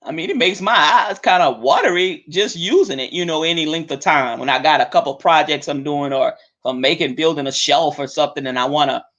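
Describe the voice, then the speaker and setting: Forceful, swearing woman ranting on a dull recording. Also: fairly quick, hardly any pauses. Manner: blunt, swearing freely, animated swings in pitch. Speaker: host. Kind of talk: profane ranting monologue.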